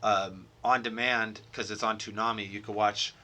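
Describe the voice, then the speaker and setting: A man co-hosting a podcast in casual, profane, slangy chat, excitedly acting out scenes with sound effects. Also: lowish voice, moderate pace. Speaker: podcast co-host.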